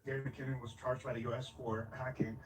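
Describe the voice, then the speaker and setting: A man reading scripted documentary narration in an even, informative way. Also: mid-range voice, fast, noisy background. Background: music.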